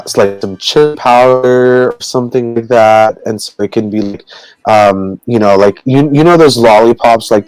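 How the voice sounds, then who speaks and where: A man talking slowly on a video call, stopping and restarting with lots of fillers as he explains words. He laughs often between phrases, and his voice sits dry and close with no room around it. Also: lowish voice, darkish tone, dry recording, low-quality recording. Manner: halting, rambling, many fillers and restarts. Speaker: co-host teaching Tagalog words. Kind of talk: casual chat on a video call.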